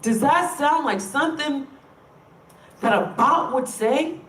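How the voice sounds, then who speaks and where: The recording is roomy and distant as a woman, high-voiced and a bit bright, talks slowly to camera. She's a vlogger venting to her viewers, emphatic and fed up, swearing freely to make her point.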